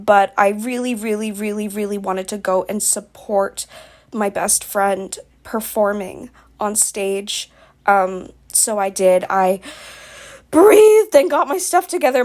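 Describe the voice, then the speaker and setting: A woman vlogger narrating a personal story in a candid, emotional way, often saying "like". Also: medium pitch. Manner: candid, emotional, frequent "like" fillers.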